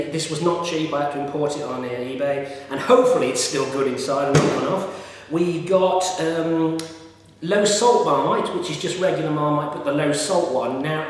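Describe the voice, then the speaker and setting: Brief: rambling vlogger, filler-heavy, very echoey recording. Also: male voice, on the high side, a little hiss or hum. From United Kingdom. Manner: rambling, chatty, many fillers and restarts. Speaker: food reviewer. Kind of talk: casual vlog talk. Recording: echoey room with long reverb.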